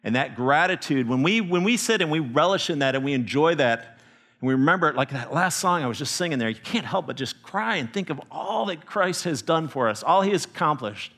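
A man preaching a sermon as a missionary, telling stories with animated emphasis and frequent restarts. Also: on the high side, a little fast. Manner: animated storytelling with restarts, rising to emphatic peaks.

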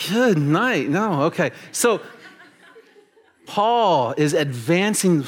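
A man preaching a casual, animated sermon to teenagers, joking with them and acting out the stories he tells. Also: fairly high pitch. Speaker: youth pastor.

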